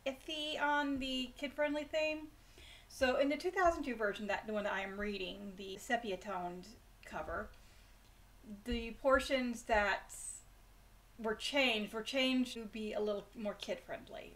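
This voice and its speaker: A woman's voice: medium pitch, a little slow. A woman hosting a bedtime story channel, chatting casually and self-deprecatingly before reading a chapter aloud. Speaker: storyteller host.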